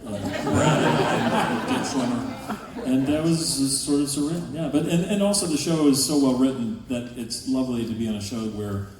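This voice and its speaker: A man's voice: mid-range voice, normal speed, background noise. Easygoing man recalling a shoot, echoey hall. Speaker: panel guest actor. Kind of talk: casual anecdote on a convention panel. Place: large convention hall with an audience. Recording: echoey hall recording from far off.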